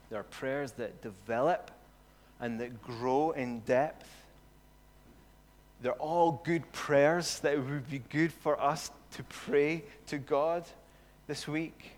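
A man preaching a sermon, earnest, slowing down and growing louder on his key points. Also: mid-range voice, steady tone. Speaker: pastor. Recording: long hall reverb.

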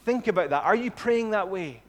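A man preaching a sermon, earnest, slowing down and growing louder on his key points. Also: sits high, animated. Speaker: pastor. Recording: long hall reverb.

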